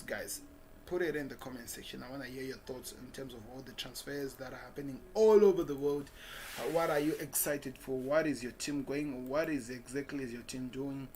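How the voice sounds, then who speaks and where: A man's voice: medium pitch, a little mellow, slight background noise. A man hosting a football channel, casually reading transfer headlines aloud with restarts and muttered asides.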